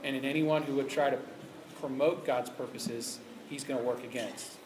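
A man's voice: mid-range voice, fairly even intonation, normal speed. A man preaching to a youth ministry audience in an emphatic, conversational way. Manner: emphatic, conversational, acts out quoted voices. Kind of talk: sermon. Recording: echoey room with faint background noise.

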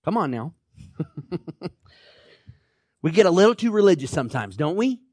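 Male pastor, exhorting sermon delivery, high voice with big swings in pitch. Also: very animated, a little slow, darkish tone, slightly rough, dry recording, clean studio sound. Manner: emphatic, exhorting, rallying with "come on now".

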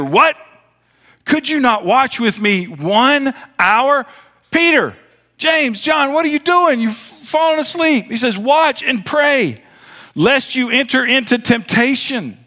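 A pastor from the American South preaches a sermon in a Southern accent, using dramatic pauses and big swings in loudness. His voice is high.

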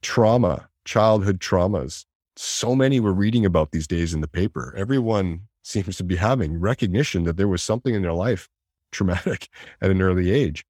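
A man talking in a reflective conversation, animated, acting out inner voices and laughing often. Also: sits low, moderate pace, dry recording, clean studio sound.

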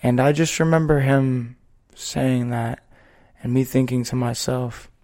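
Slow, gravelly-voiced man hosting a podcast. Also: mid-range voice, steady tone, dark tone. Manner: slow, measured, earnest storytelling. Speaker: podcast host. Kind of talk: reflective podcast conversation.

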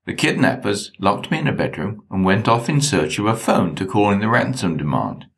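A man reads his memoir aloud, wry and deadpan. His voice sits very low, yet his delivery rises and falls with lively expression. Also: normal speed, vocal fry. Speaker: narrator. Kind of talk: memoir reading.

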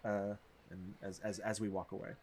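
A man's voice: low voice, level tone, moderate pace, darkish tone, breathy edge. A man playing a tabletop game, joking around and stammering through his lines. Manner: jokey, stammering. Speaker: player. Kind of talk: casual tabletop play.

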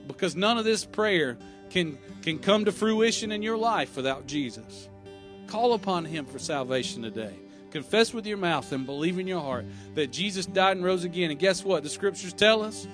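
A man preaching a sermon as pastor, earnest and pleading, repeating key phrases for emphasis. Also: a little high.

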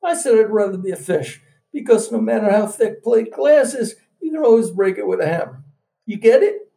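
A man voicing a quick-witted, unflappable city politician who answers with dry, deadpan retorts. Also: high voice, gravelly. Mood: wry.

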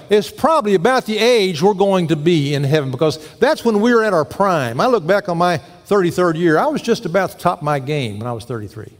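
A male pastor preaching a sermon, telling folksy stories and putting questions to the congregation. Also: fairly high pitch. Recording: long echo of a large hall.

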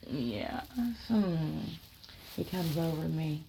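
A woman telling a first-person erotic story, drawing out her words with soft murmurs and frequent giggles. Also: sits low, slow pace, gravelly, slight background noise.

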